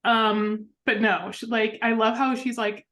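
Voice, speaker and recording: A woman's voice: fairly high pitch, flat delivery, measured pace, a bit bright. A woman co-hosting a podcast in casual chat, playful and full of anecdotes. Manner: storytelling, playful, jumps into quoted voices. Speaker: podcast co-host.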